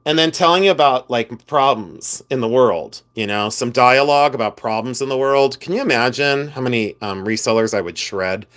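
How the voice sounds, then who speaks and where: A man's voice: mid-range voice, lively intonation, normal speed, few pauses, a bit bright. A man hosting a live stream, chatting casually, joking and reading viewer comments aloud. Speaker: live stream host reselling buttons.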